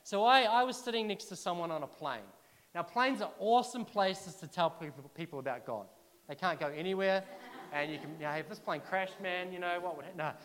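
A man preaching a sermon, telling personal stories in a chatty, animated way and asking the listeners questions. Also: high-pitched, brisk, big-room sound. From New Zealand.

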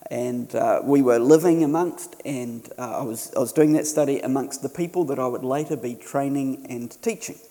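Middle-aged male preacher, casual storytelling delivery, mellow tone, slightly raised pitch, long church reverb. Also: vocal fry. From New Zealand. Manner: conversational storytelling with self-deprecating humour. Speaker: missionary preacher. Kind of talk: sermon.

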